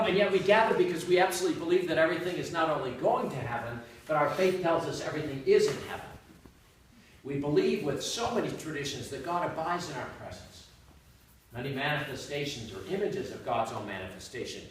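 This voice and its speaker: A man's voice: a little high, expressive, fast, a little hiss or hum. A man, a Catholic priest, giving an informal, joking homily to a congregation. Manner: conversational, joking, with rising emphatic asides. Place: church hall with a gathered congregation. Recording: echoey room, far from the mic.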